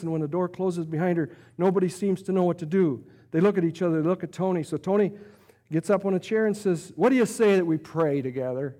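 A man preaching a sermon who retells a story in a vivid, animated way. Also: a little high.

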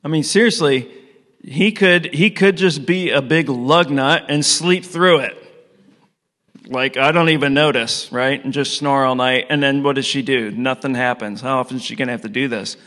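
A man's voice: medium pitch, moderate pace, pushed and bright. A middle-aged man preaching a conversational sermon, telling a story and asking his listeners questions. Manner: casual, storytelling, asks the audience questions. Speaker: pastor. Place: church hall with an audience. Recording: long hall reverb.

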